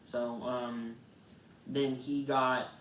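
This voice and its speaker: A man's voice: mid-range voice, drawn-out words, slight background noise. Rambling young man telling a story in an echoey room. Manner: rambling, profane, animated storyteller. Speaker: podcast co-host. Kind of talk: casual chat, storytelling. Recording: echoey room, mic at a distance.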